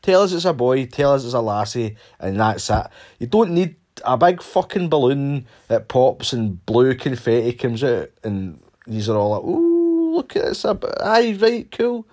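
A man's voice: mid-range voice, animated, normal speed, hardly any pauses, darkish tone. Sweary Scottish man ranting. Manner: sweary, sarcastic, mocking voices. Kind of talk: casual ranting monologue.

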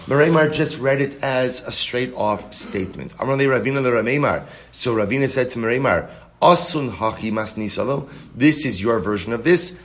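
Man teaching a Talmud class. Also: medium pitch. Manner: reads Aramaic text aloud then explains it in English, asks rhetorical questions.

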